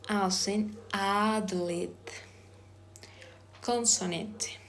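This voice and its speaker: A woman with Spanish as her first language leads a very slow, deliberate pronunciation lesson. She sounds out each phoneme carefully, then gives a sample word, at a middle pitch. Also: steady tone, a little hiss or hum. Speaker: pronunciation teacher.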